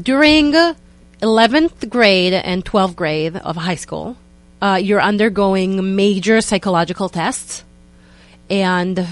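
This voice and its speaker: A woman in her thirties with an Israeli accent, a radio show guest explaining her background earnestly, with frequent hesitations. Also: mid-range voice. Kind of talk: radio interview.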